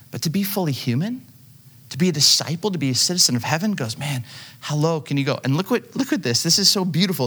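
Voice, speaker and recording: Bright-voiced pastor preaching. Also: male voice, fairly high pitch, husky. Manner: conversational, self-deprecating storytelling with frequent fillers. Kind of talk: sermon.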